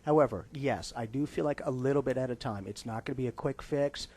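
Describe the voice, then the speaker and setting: A man with a medium-pitched voice, sitting in as a psychic guest on a radio talk show. He talks with easy confidence and slips into other people's voices when he quotes them. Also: fast, darkish tone.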